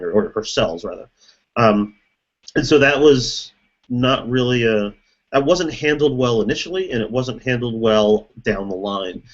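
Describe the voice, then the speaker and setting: Man explaining over lo-fi call audio. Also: medium pitch. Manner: thinking aloud, explanatory. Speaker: meeting participant. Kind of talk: casual group discussion.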